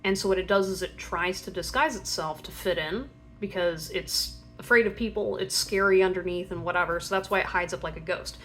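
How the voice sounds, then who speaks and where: A woman's voice: on the low side, a little fast, few pauses, a bit bright. A young woman giving a casual tarot reading, chatty and rambling with lots of fillers, often acting out playful voices for imagined people. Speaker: tarot reader.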